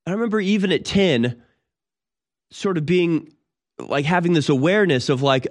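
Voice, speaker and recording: A man's voice: fairly high pitch, lively intonation, moderate pace, pauses often. A man around thirty hosting an opinion show, speaking in an indignant, mocking commentary tone and laughing between remarks. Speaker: show host.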